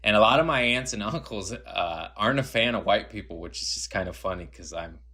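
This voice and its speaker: A male comedian guest on a podcast, telling profane stories in casual, animated chat. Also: fairly low pitch, brisk, husky.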